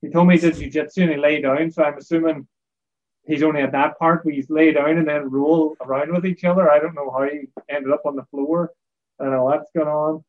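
Podcast host, man, fairly high voice, wry amused storyteller, slightly muffled recording. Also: fairly even intonation, brisk. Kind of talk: casual podcast chat.

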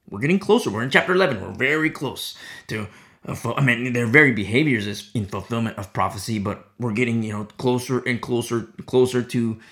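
Gravelly man preaching urgently. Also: medium pitch. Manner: repetitive, urgent appeals, sudden soft whispered asides. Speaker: preacher teaching a Bible study. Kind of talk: sermon with verse-by-verse study.

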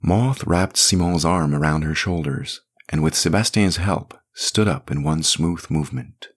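A man narrating a story podcast in an expressive, measured way. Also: rumbling low, husky.

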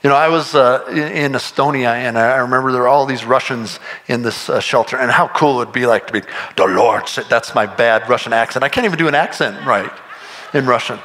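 A pastor with a medium-pitched, brisk voice preaches a sermon in a conversational, animated way, acting out imagined voices.

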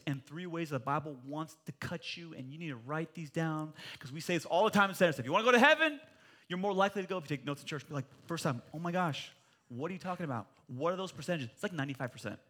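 Pastor guy in his 40s, high bright voice, jokey sermon that gets loud and emphatic. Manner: animated, jokey, builds to loud emphatic peaks. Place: church.

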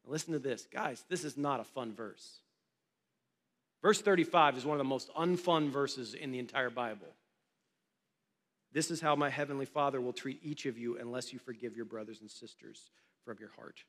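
A pastor giving a conversational sermon, often asking the congregation questions. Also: male voice, mid-range voice, normal speed, fairly bright tone. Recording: long hall reverb.

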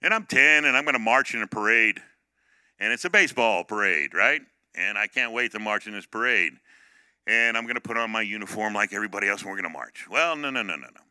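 A middle-aged male pastor giving a sermon, telling a personal story in an animated way and acting out the people in it. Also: fairly low pitch, fast, clean tone, no room sound, studio quality. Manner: animated, acts out the story in many voices.

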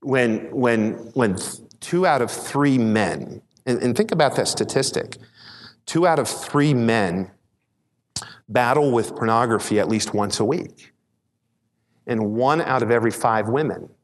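A man's voice: medium pitch, big-room sound. A man preaching a conversational midweek sermon as pastor, telling folksy stories and often repeating words as he starts sentences.

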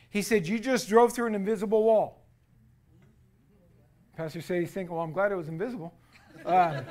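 A man preaching a sermon, reading scripture with emphasis and retelling a story with many fillers. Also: sits high. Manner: frequent fillers, swings from loud emphasis to quiet asides. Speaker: pastor.

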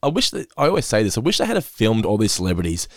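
A man hosts a casual podcast in a low, lively voice. He rambles and laughs as he talks, recorded dry. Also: very fast, no room sound. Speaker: podcast host. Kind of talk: casual chat recapping an episode.

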